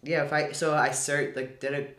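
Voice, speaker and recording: A man's voice: a little high, level tone, moderate pace, a bit bright. A man co-hosting a podcast, chatting casually in a rambling, self-mocking way. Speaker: podcast co-host. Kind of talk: casual chat. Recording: roomy echo.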